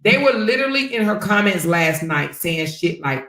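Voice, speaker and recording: A woman's voice: mid-range voice, fairly quick, few pauses, a bit bright. A woman hosting a livestream, dishing gossip in a brash, cussing, mocking way. Her voice rings in an echoey room. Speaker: livestream host. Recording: roomy echo.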